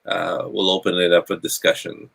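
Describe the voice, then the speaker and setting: A man's voice: sits low, little pitch movement, normal speed, creaky, fairly bright tone, low-quality recording. A man hosting a casual group discussion, often stammering and restarting as he tells a story. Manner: hesitant, stammering restarts, laughs while telling stories. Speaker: host. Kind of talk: casual chat.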